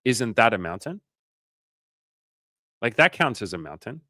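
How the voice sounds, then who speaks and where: A man's voice: medium pitch, very animated, a little slow, pushed and bright, no room sound, clean studio sound. A young man casually chatting on a livestream as a coach, reading out comments, swearing freely and saying "like" a lot.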